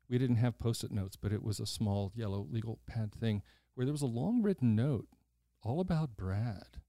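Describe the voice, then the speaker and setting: An older man with a mellow, lowish voice hosts a podcast, telling a story in a casual conversation. The studio sound is clean with no room sound, and he's an animated, blunt storyteller who swears casually and acts out the voices he quotes.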